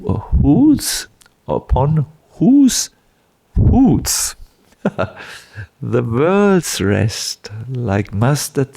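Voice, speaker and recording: A man giving a devotional lecture as a spiritual teacher, telling stories in an unhurried way with frequent chuckles and fillers. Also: medium pitch, gravelly, mellow.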